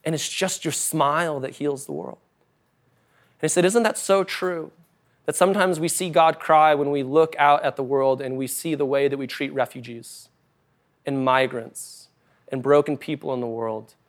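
A pastor preaching in a loose, conversational way, with a voice a little higher than most men's. He pushes some points out loudly and emphatically, then drops to a soft, quiet tone for others. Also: fairly even intonation, normal speed. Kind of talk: sermon. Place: church service before a congregation.

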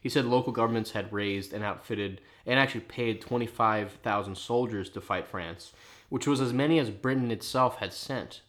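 At a normal speed, this history podcast co-host rambles through explanations, swears freely and keeps restarting his sentences. His voice is a bit bright and on the low side.

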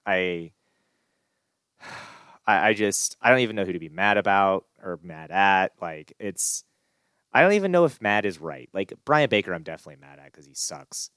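A man's voice: sits low, expressive, normal speed, a bit bright, clear, resonant tone, no echo, clean studio sound. A man co-hosting a casual sports podcast, ranting in an exasperated, gloomy way with sighs and restarts. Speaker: podcast co-host.

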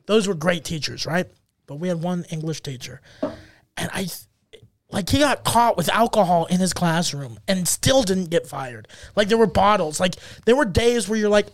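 A man with a notably high voice co-hosts a loose podcast conversation. He tells stories with animated energy, jumps into other people's voices, and swears freely. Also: normal speed. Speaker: podcast co-host. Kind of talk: casual podcast chat.

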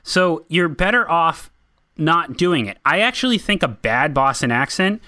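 A man from central Massachusetts co-hosts a casual podcast chat. His voice is bright and forceful, and it sits dry and close on the mic. He rambles and restarts, full of opinions. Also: on the high side, expressive, measured pace, no echo. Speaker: podcast co-host.

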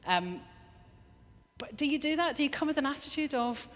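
A woman's voice: sits high, normal speed. Woman preaching in a reverberant hall. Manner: lively, acts out little quoted voices. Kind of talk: sermon.

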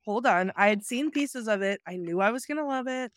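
Animated woman retelling movie scenes. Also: on the high side, fairly quick, dry recording, clean studio sound. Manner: animated, acts out quoted movie lines while retelling. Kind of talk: casual chat about a movie.

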